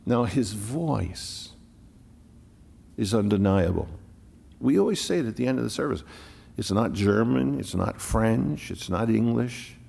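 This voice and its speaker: Gravelly low-voiced man preaching in a reverberant hall. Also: lively intonation. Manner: swings from loud declaring to hushed near-whispers; slow deliberate phrasing on key words. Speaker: pastor. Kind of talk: sermon.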